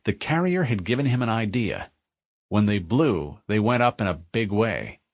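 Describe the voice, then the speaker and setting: A man narrating a military science-fiction audiobook in a vivid, expressive storytelling manner. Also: lowish voice, moderate pace, no echo.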